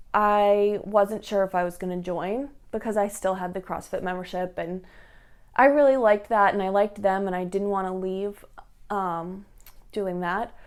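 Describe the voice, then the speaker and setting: A woman's voice: mid-range voice, smooth. A young woman from the United States telling her own fitness story in a chatty vlog, full of "like" and "um". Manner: chatty, lots of fillers like "like" and "um". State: tearful at moments. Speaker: fitness vlogger. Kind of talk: personal vlog talk.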